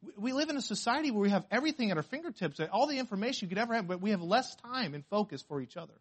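A man preaching a sermon, repeating key lines and asking the congregation questions, moving between loud emphasis and hushed asides. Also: high-pitched, lively intonation, racing, slightly rough. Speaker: pastor.

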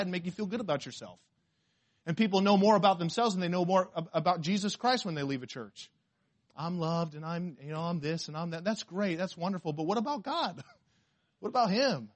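This is a high-pitched male pastor giving a sermon. He is emphatic, asks plenty of rhetorical questions, and alternates soft asides with loud proclamations.

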